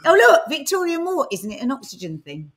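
A woman co-hosting a podcast in casual chat, chatty and quick to laugh, reading out viewer comments. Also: high voice, huge pitch swings, fairly bright tone. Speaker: podcast co-host.

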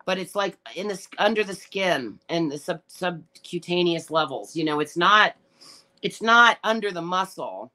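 A middle-aged woman talks to her live chat in a rambling, emotional way, tearful and swearing freely. Her voice is bright and very lively in pitch, leaping high when she gets worked up. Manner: rambling, emotional, profane ranting. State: tearful and upset. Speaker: livestream host reading chat. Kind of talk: casual live-stream chat.

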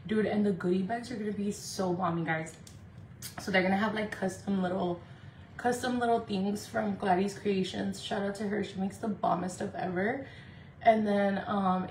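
A woman's voice: mid-range voice, darkish tone. A woman from California doing a casual makeup livestream, chatty and profane, laughing often and slipping into Spanish. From Indio, California. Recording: echoey room with faint noise.

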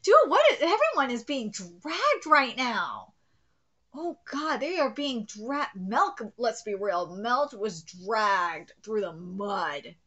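A woman hosting a live reaction, reading a comic aloud and swearing and shrieking with excitement. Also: a little high, slow, highs cut off. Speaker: host.

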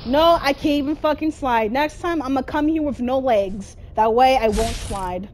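A woman's voice: high voice, normal speed, hardly any pauses, background noise. A woman giving frustrated gameplay commentary, cursing at the game nonstop. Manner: constant angry cursing at the game. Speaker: gamer.

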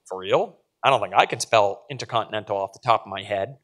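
Man reading as nervous young passenger, gentle, kind, storybook voice. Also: fairly low pitch, fast. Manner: gentle, quietly frightened.

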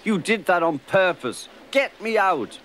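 Thomas, a man doing a shrill cheeky tank engine. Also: slow, creaky, a bit bright, a little hiss or hum, heavily acted. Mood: indignant. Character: cheeky little blue male tank engine.

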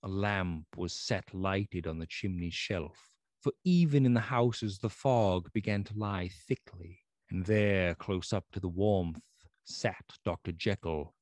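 Deep-voiced man narrating a classic tale. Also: darkish tone, no room sound. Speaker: audiobook narrator. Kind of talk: scripted narration of a classic novel.

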